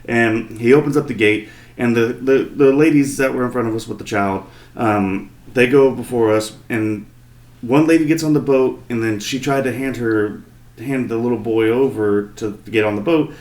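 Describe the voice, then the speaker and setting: Male podcast co-host, casual profane storyteller, mid pitch, roomy sound. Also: normal speed, darkish tone.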